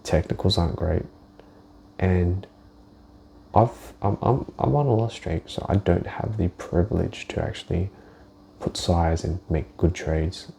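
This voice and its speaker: A deep-voiced man with a gravelly, mellow tone talks loosely through his market analysis. He thinks aloud, swears now and then, and restarts his sentences. Faint background noise sits under the voice. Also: measured pace. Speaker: forex trader. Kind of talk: casual screen-share market walkthrough.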